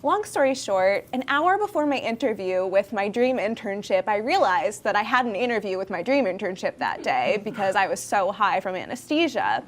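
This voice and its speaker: This twentysomething festival founder is a chatty storyteller who laughs often and uses many fillers during a casual interview. Her mid-range voice swings widely in pitch, and she talks at normal speed with hardly any pauses.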